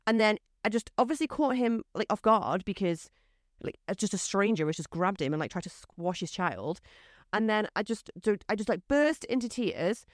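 A woman's voice: mid-range voice, expressive, moderate pace, dry recording, clean studio sound. A woman, a guest on her husband's podcast, telling stories in casual chat full of fillers. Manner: rambling, filler-heavy storytelling. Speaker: podcast guest, host's wife. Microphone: studio microphone.

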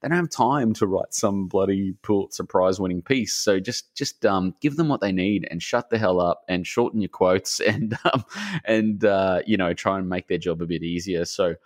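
A middle-aged man, an author, talking casually in a podcast interview, rambling and self-deprecating, with animated asides where he quotes people. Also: sits low, moderate pace, dry recording, clean studio sound. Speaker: author and guest.

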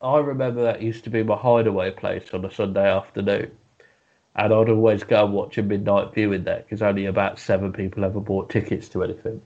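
A man co-hosts a podcast in casual chat, joking and laughing while often stammering and restarting his sentences. His voice is lowish and darkish, with a flat, fairly quick delivery. The podcast audio sounds dull and lo-fi.

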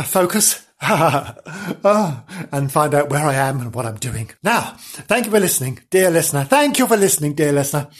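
A man's voice: fairly high pitch, husky. A man reading a children's story comically, rambling and melodramatically self-pitying between passages. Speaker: storyteller host.

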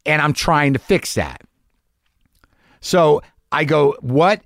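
A man's voice: a little high, takes it slowly, creaky, fairly bright tone, dry recording, studio quality. A middle-aged man telling a long story in a casual monologue, ranting and swearing, mocking himself and acting out what people said. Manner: profane, ranting, self-deprecating, acts out quotes.

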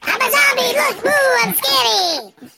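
A performer voicing a bratty baby zombie who loves pranks and trick-or-treating, in a high, gravelly baby voice, over loud background noise. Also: very animated, unhurried, heavily acted. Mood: playful.

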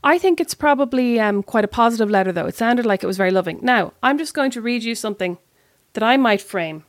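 A woman's voice: a little high, expressive, fast, no echo. Teasing woman with a dry, close sound. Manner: teasing, laughs often. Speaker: podcast co-host. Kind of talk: casual chat.

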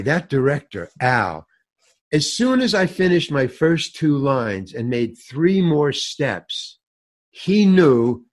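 Older man spinning a lively story. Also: fairly high pitch. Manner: lively storyteller, mimics others, laughs mid-sentence, swears casually. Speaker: guest actor telling a story. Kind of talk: animated anecdote with acted-out quotes.

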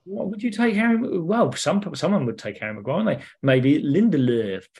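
A man's voice: a little high, very animated, normal speed, darkish tone, slightly rough. A man co-hosting a casual football podcast, talking in a rambling, hesitant way full of ums and restarts. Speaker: podcast co-host.

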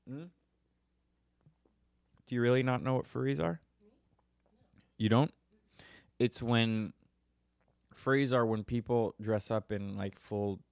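A man's voice: fairly low pitch, dry recording, clean studio sound. A young man hosting a podcast, answering listener questions in a casual, irreverent way and laughing at his own jokes.

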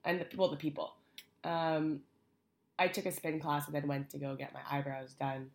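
A woman co-hosting a podcast, telling a story in casual chat with animated asides. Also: deep voice, normal speed, creaky. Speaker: podcast co-host.

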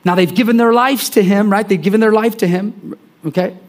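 Male preacher, a bit higher voice, conversational sermon delivery with repeated phrases. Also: a little fast.

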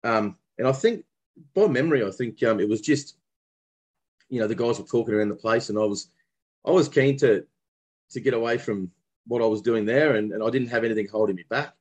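A man's voice: mid-range voice, a little fast, pauses often, darkish tone, breathy edge. A man from Brisbane with an Australian accent, reminiscing about his cricket days in a casual interview, rambling with many restarts. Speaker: guest, former cricketer.

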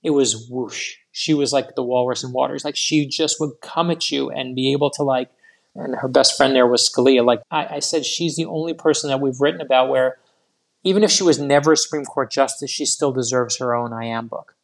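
A middle-aged man, a guest author, telling rambling, animated anecdotes in a casual interview. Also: mid-range voice, fairly quick, vocal fry.

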